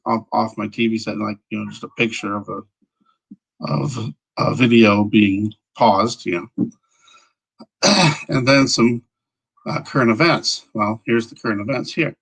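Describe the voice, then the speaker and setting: A man hosting a casual livestream, rambling as he checks his audio, greets viewers by name and often clears his throat. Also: medium pitch, a bit bright, rough recording. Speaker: livestream host.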